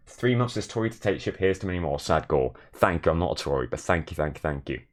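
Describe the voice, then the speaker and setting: A young man streaming from his bedroom in a shared flat, chatting casually and self-deprecatingly and thanking viewers. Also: deep voice, quick pace, few pauses. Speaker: Twitch streamer. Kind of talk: casual live stream chat.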